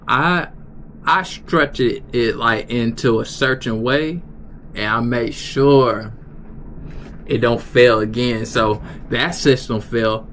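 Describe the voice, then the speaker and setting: A man's voice: medium pitch, fairly bright tone, slight background noise. A young man streaming live, telling a story in a rambling way with lots of restarts. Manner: rambling, many restarts and fillers. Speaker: livestreamer. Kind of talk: casual storytelling.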